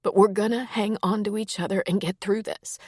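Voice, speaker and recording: Woman narrator doing a young wife in grief, tearful yet resolute, slow soft delivery, dry close sound. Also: mid-range voice, fairly even intonation, breathy edge, dry recording, pitched above the performer's own voice, close to an everyday voice. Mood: tender.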